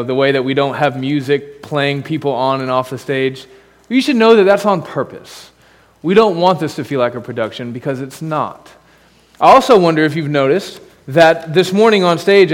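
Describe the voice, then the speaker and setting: Man preaching in a reverberant church. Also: on the high side. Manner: conversational preaching with asides and rhetorical questions. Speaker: pastor. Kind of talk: sermon. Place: church sanctuary.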